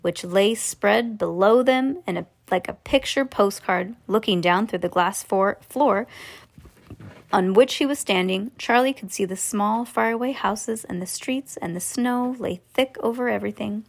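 A woman casually reading a storybook aloud to children, relaxed and sometimes stumbling over words. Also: mid-range voice, a little slow, vocal fry. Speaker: reader to children.

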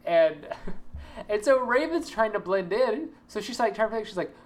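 A podcast co-host, a woman, walks through favourite scenes of a show. Her pitch sits in the middle, and she keeps laughing, restarting and reaching for words as she goes. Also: unhurried. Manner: animated retelling, laughs, restarts and fillers. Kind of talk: casual chat recapping a TV episode.

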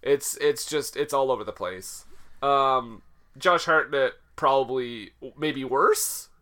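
A man's voice: medium pitch, slow, bright, forceful tone. A man co-hosting a casual movie-review podcast, sarcastic and laughing often. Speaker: podcast co-host.

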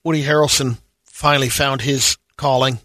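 A man's voice: mid-range voice, fairly even intonation, normal speed, pushed and bright, no echo, studio quality. Matter-of-fact male co-host. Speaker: co-host reading entertainment news. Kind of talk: casual news banter.

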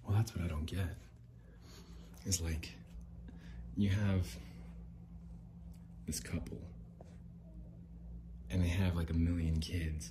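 Outdoors near an apartment complex, a middle-aged American man hosts a podcast, ranting casually in an aggrieved, rambling way and swearing freely. His voice is low and his intonation fairly even. He talks slowly with long pauses, and there is background noise.

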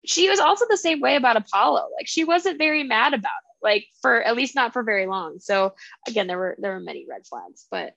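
A woman co-hosting a casual book club podcast, retelling a story in an animated way with lots of fillers. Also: on the high side, brisk, creaky, no room sound, lo-fi sound. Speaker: podcast co-host.

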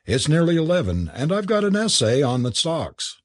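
Figure: a man voicing a brisk, dry young student. Pitch: raised. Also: sing-song, no room sound.

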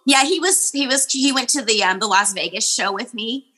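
A woman who works as an esthetician, chatting casually and telling animated stories with frequent laughter. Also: on the high side, normal speed, slightly rough. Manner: animated storyteller, laughs often. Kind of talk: casual chat.

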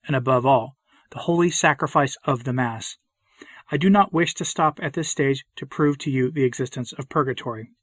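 A man delivers a solemn, impassioned sermon in a husky, slightly breathy voice. His pitch sits in an ordinary middle range. The recording is dry and close, with no room sound. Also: a bit bright, dry recording. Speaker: preacher. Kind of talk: sermon reading.

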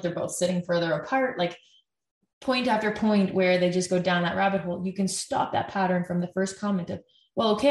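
A woman, a couples therapist, explaining how therapy works and acting out what partners say to each other in quick quoted lines. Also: medium pitch. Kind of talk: explanatory talk. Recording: roomy echo.

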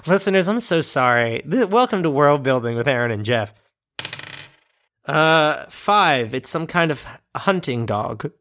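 A man's voice: a little high, animated, a little slow, fairly bright tone. A man co-hosting a podcast, improvising in casual chat, loose and rambling, with lots of fillers and swearing. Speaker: podcast co-host.

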